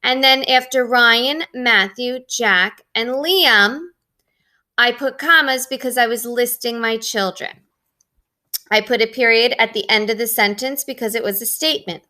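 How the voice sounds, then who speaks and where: Bright-voiced woman teacher explaining punctuation. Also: on the high side, a little slow. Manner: patient, explaining step by step. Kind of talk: recorded remote writing lesson.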